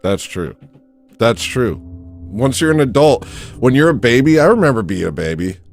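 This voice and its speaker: A man hosts a comedy livestream in a loose, deadpan ramble. His pitch swings widely as he riffs. Faint music plays beneath his voice. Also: moderate pace. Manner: deadpan, drifts into loud baby-cry impressions. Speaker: livestream host.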